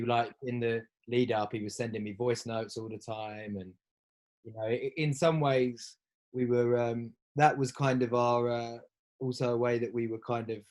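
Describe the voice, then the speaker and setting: A man's voice: medium pitch, rough recording. Easygoing young man, hesitant interview chat. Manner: easygoing, hesitant, many fillers and restarts. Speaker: actor, interviewee.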